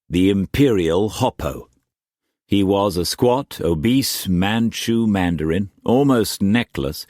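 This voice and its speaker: Man narrating an audiobook, very deep voice, lively intonation, slow, measured, dramatic. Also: no echo, studio quality. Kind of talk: scripted novel narration.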